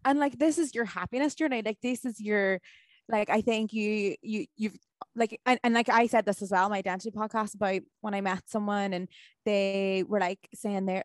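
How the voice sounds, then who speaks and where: Woman host, encouraging, dry close sound, mid pitch. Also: steady tone, fairly quick, dry recording. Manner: emotional, encouraging, rambling with fillers. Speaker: podcast host. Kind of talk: casual interview chat.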